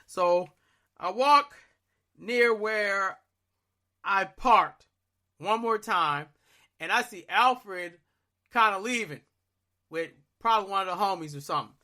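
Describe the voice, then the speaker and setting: Bright-voiced young man telling a wild story. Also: sits high, slow, long pauses. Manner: animated, profane storytelling with loud exasperated outbursts. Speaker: podcast co-host. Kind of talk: casual storytelling chat.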